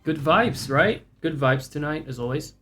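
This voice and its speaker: A man's voice: fairly high pitch, animated, moderate pace, a bit bright, faint music behind. A man streaming live and chatting casually with viewers, rambling, sarcastic and profane.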